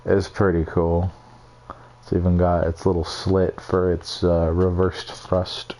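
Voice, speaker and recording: Young man, low and mellow, casual, foul-mouthed, self-deprecating gamer tour. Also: monotone, slow pace, slight background noise. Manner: rambling, swears freely, self-deprecating. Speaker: gamer showing off builds. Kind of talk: casual screen-recorded walkthrough.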